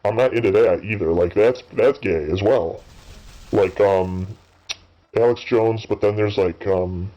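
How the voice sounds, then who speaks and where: Deep-voiced man rambling profanely. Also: unhurried, dark tone, lo-fi sound. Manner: profane, rambling, full of fillers and restarts. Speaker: gaming channel host. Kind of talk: rambling off-the-cuff commentary while playing a game.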